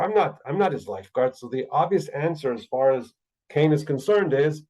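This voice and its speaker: A man's voice: mid-range voice, animated, normal speed, darkish tone, rough recording. A man giving a Bible lecture, thinking aloud with many uh fillers and checking in with "right?" as he builds his point through emphatic repetition. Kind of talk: recorded lecture.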